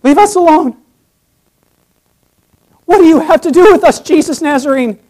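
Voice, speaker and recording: A man voicing a cowering demon who begs for its life in high, loud, pleading cries. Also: expressive, normal speed. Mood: fearful pleading. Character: terrified demon begging for its life.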